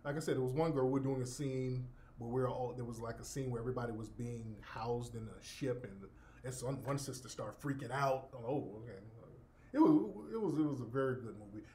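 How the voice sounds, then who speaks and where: A man's voice: medium pitch, fairly quick, a little mellow, slight background noise. A man hosting a radio show, casually telling a profane anecdote with laughter and acted-out quotes.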